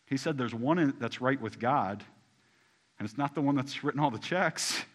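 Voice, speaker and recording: A man preaching a sermon in casual everyday phrasing, talking straight to the congregation and swinging from hushed, low lines to loud, rising ones. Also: normal speed. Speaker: pastor.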